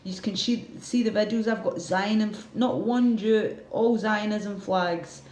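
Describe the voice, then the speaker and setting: A woman's voice: medium pitch, steady tone, takes it slowly, a little mellow, echoey room. A woman hosting a casual livestream, ranting heatedly with a lot of swearing and reading out viewer comments. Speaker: livestream host.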